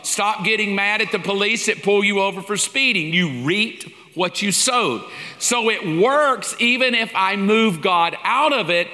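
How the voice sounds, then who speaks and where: A man's voice: high voice, sharp tone. A man preaching a sermon-style lesson in a folksy, humorous way, acting out little dialogues. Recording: long hall reverb.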